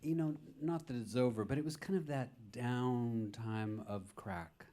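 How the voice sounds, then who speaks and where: A man's voice: mid-range voice, a little slow, warm tone. A man, a guest on a live podcast taping, telling rambling anecdotes full of fillers in front of an audience. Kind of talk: live podcast chat, storytelling. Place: stage before a live audience.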